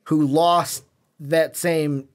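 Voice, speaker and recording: A man's voice: on the high side, fairly even intonation, drawn-out words. Chatty male sports podcast host. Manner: chatty, drives the segment. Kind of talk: casual sports talk.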